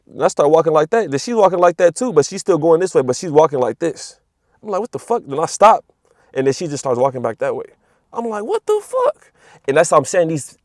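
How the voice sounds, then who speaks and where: In a clean studio recording without echo, a young male spiritual vlogger with a fairly high voice rants casually to camera. His topic is spiritual energy, delivered profanely and repetitively with plenty of street slang and "you know what I'm saying."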